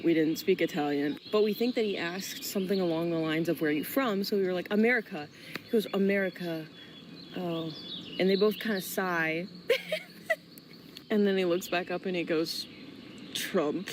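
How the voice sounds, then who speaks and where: An amused woman tells a travel story outdoors, her voice lively and swinging. Outdoor noise is clearly audible around her. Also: on the low side. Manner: amused, laughing anecdote. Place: outdoors at a castle. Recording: noisy outdoor recording.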